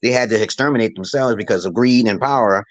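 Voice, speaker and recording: A man's voice: on the low side, fast, no echo. A middle-aged man hosting a live stream from his phone, rambling in a profane, opinionated monologue. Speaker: livestream host.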